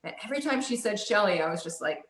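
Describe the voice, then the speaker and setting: A woman's voice: medium pitch, expressive, quick pace. Woman guest, loose chatty storyteller, filler-heavy, roomy echo around her voice. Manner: rambling, many "like"s, laughs often. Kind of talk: casual spiritual storytelling. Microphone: video call.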